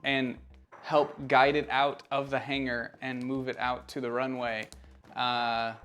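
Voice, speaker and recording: A man's voice: mid-range voice, a little slow, soft background music. Guy gm narrating a tabletop game, easygoing and full of ums. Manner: relaxed, loose narration with many fillers. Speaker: game master.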